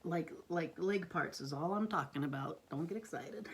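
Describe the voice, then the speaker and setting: A woman reading a picture book aloud to a child, playful, with chatty asides and hushed whispers. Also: on the low side, normal speed, slight background noise. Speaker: parent reading a storybook to a child. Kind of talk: animated read-aloud storytelling.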